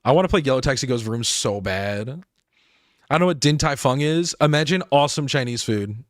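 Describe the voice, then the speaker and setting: A man's voice: mid-range voice, expressive, a little fast, no room sound, studio quality. A man streaming a game live, rambling and laughing as he talks to his chat.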